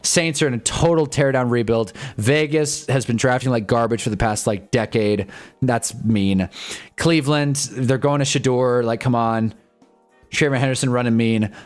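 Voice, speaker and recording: A young man hosts a live fan stream while a football game plays, faint music in the background. In a medium-pitched voice at a moderate pace, he offers wry, exasperated commentary that loosely rambles off into casual chat.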